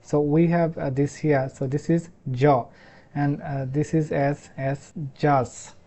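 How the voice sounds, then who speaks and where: Slow Bangladeshi man teaching English sounds. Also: a little high, fairly even intonation, warm tone. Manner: halting, repeats sounds over and over. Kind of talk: explanatory lesson.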